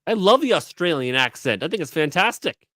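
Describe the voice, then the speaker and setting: Guest: Canadian man, higher bright voice, animated, jokey. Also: a little fast, dry recording. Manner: animated, joking, mimics others' voices. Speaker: podcast guest. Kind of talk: casual podcast chat.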